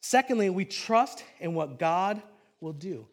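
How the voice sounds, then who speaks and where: High-voiced man preaching a sermon. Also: measured pace. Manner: animated storytelling, swinging from hushed to loud. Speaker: pastor.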